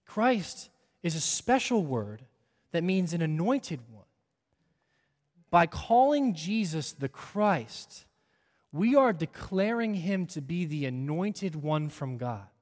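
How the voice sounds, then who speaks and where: Preaching man with a high voice. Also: big pitch swings, slow, long reverb tail. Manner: preaching with big swings from hushed to near-shouting. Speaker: pastor. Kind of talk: sermon.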